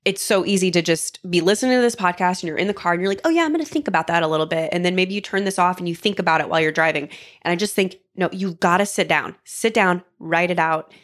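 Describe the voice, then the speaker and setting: Woman, 30s, interview guest; candid, reflective, emphatic, slightly low pitch. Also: steady tone, fast. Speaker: podcast guest. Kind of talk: casual conversational interview.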